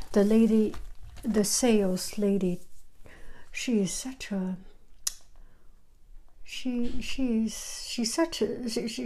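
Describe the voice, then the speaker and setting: A woman vlogger chatting casually over a cup of tea, halting and restarting, often drifting into soft whispers. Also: a little high, low-quality recording. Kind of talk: casual tea-time show-and-tell.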